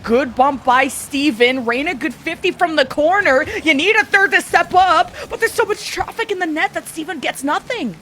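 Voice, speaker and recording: A woman with a high, light voice providing color commentary for a live esports match. She breaks down each play analytically and laughs easily with her co-caster. A faint hiss runs underneath. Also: moderate pace, hardly any pauses, pushed and bright.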